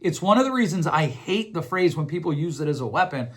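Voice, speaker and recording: This middle-aged man hosts a podcast, talking quickly with a lively lilt in a voice that runs a little high. He explains ideas casually, often repeating words as he thinks and performing quoted voices.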